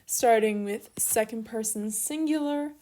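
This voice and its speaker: Slow-talking young woman teaching Greek. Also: a little high. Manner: steady, step-by-step explaining while writing, with small apologies. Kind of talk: online lesson walkthrough.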